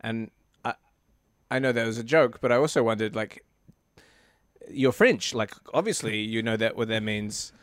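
A man's voice: on the low side, steady tone, normal speed, clear, resonant tone, dry recording. Dry, wry man in a dead room. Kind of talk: casual comedic film chat.

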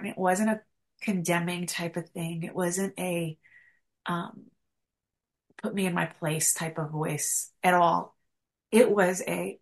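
Woman counselor telling her story, kinda low voice, earnest and emotional, lots of ums. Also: fairly even intonation, slow, gravelly, pauses often. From United States. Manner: earnest, emotional, many fillers. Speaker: counselor, guest. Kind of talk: personal testimony in a podcast interview.

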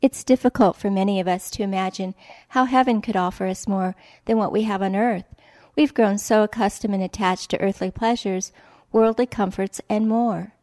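Woman, devotional reader; calm, measured scripted reading, dark mellow tone, dry recording. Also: mid-range voice, no echo.

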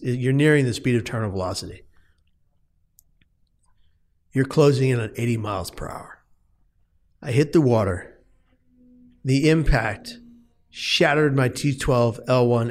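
A man speaking as an interview guest, telling a personal story earnestly and with emphasis, often restarting his words. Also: mid-range voice.

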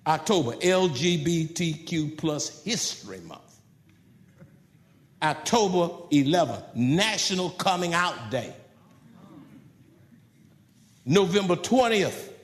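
A man preaching a sermon, swinging from loud calls to low asides. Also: roomy sound. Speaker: pastor.

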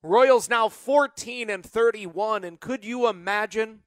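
A high-voiced man hosts a postgame sports radio show, excitable and animated as he breaks down the win. He talks in an unhurried, drawn-out way despite the excitement. The studio sound is close and dry. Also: dry recording. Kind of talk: postgame call-in show talk.

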